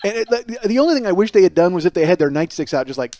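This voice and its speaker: Rapid-fire and very animated, this man's high-pitched voice has a warm tone over slight background noise. He hosts a podcast, performing a profane, self-mocking story solo and impersonating its characters.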